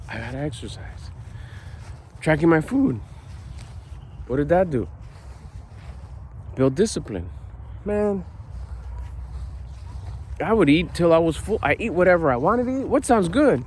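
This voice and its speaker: A middle-aged man giving a casual motivational talk outdoors at a park, blunt and animated, swearing freely. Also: fairly high pitch, a little hiss or hum. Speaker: personal development vlogger.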